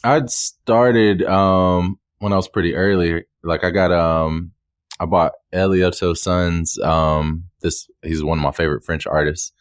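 A man with a very deep voice, talking easygoing and slangy as a podcast guest. The sound is dry and close, with no room around it. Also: little pitch movement, measured pace, dry recording. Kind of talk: casual chat.

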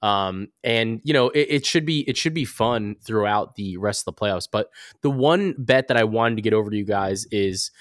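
A man's voice: lowish voice, moderate pace, few pauses, no echo, clean studio sound. A man hosting a sports betting podcast, talking loosely and correcting himself as he goes. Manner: loose, rambling, self-correcting. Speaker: podcast host. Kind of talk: casual sports betting chat.

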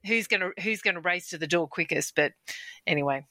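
A woman's voice: on the low side, fairly quick, sharp tone, dry recording. A woman guest telling frank, candid stories about raising her boys, laughing often and swearing casually. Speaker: guest, mother of three boys. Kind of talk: candid conversational storytelling.

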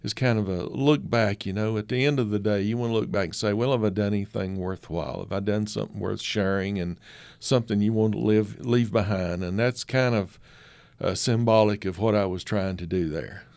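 An older man, a photographer, tells folksy stories as a guest in a conversation, full of anecdotes and fillers. His voice is lowish, gravelly and a little mellow, moving a little fast, with no echo.

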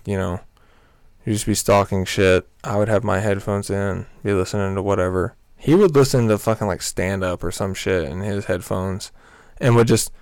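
A man's voice: on the low side, a little mellow, clean tone, no room sound, studio quality. A young man telling a rambling, profane story in a casual comedic way, laughing often as he goes.

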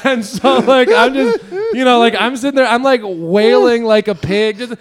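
A man's voice: very high voice, expressive, normal speed, very noisy. A man from Mississippi co-hosting a podcast, telling childhood stories with lots of laughter and swearing. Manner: laughing storyteller, swears freely. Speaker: podcast co-host. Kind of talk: casual chat.

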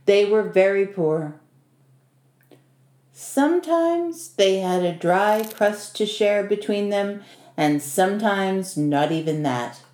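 A woman narrates a folk tale with measured, expressive pacing. Her voice is warm and mellow, and her recording carries a noticeable room echo. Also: medium pitch. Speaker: storyteller. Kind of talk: scripted story narration.

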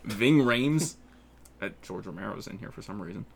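A man's voice: lowish voice, lively intonation, normal speed, vocal fry. Offhand male co-host reading film facts. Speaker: podcast co-host. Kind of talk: casual group banter.

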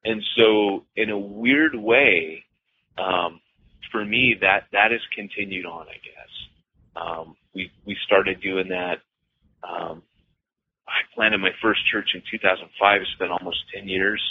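A man's voice: lowish voice, slow pace. A man co-hosting a podcast about church planting, talking loosely and jokingly with many fillers and restarts. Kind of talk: casual chat. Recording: dull lo-fi podcast audio with faint noise.

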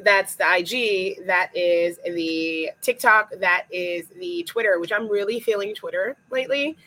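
A young woman chatting casually as a podcast guest, telling stories in an animated way and laughing often. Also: lowish voice, measured pace. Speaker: guest comedian and cosplayer.

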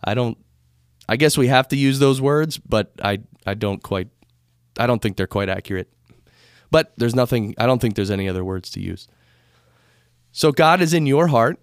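A man's voice: mid-range voice, animated, moderate pace, pauses often, smooth, no echo, clean studio sound. A man from America hosting a casual talk on spirituality, rambling and correcting himself as he goes, speaking into a microphone. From United States. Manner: rambling, conversational, self-correcting. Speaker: podcast host. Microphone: studio microphone.

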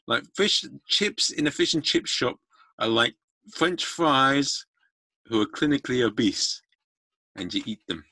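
A man's voice: mid-range voice, sing-song, measured pace, pushed and bright, dry recording. A man hosting a podcast, chatting casually and making self-mocking jokes that ramble a little. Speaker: podcast host. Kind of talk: casual chat.

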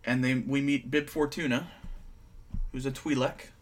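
A man's voice: medium pitch, fairly even intonation, normal speed. A man co-hosting a casual podcast, recapping a movie scene by scene in a teasing, matter-of-fact way. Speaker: podcast co-host.

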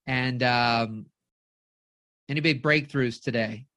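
A woman life coach giving an energetic live-streamed motivational talk, keeps checking in with her audience and acts out inner voices. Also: extremely low pitch, takes it slowly, dry recording, studio quality.

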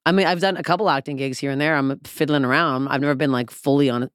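A woman comedian chatting on a podcast, animated and swearing freely as she acts out quotes. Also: a bass voice, fast, clear, resonant tone, dry recording, studio quality. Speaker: comedian guest. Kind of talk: casual podcast chat.

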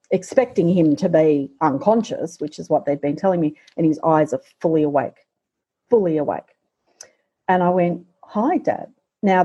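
Husky, mellow-voiced middle-aged woman. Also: deep voice. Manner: halting and reflective, with frequent fillers and restarts. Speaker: guest. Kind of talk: personal storytelling in conversation.

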